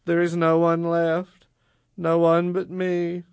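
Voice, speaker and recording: A man's voice: on the high side, monotone, slow, clean tone, no room sound, pitched above the performer's own voice. A man reading a storybook voices a frail, dying old man who talks in a thoughtful, mournful way. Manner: thoughtful, weepy lament.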